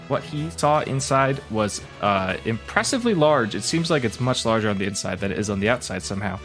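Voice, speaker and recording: A man's voice: on the low side, very animated, fairly quick, a bit bright, faint music behind. A man narrating as game master of a tabletop game, talking casually with plenty of fillers.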